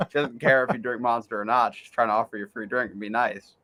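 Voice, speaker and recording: A man's voice: mid-range voice, sharp tone. Man, podcast co-host, casual storytelling, rambling. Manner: rambling storyteller, acts out quotes. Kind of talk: casual chat.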